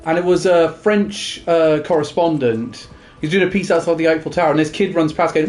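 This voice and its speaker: A man with a notably high voice chats as co-host of a gaming session. He is enthusiastic and tells little stories as he goes. Faint music plays in the background. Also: fairly quick. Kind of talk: casual gaming chat.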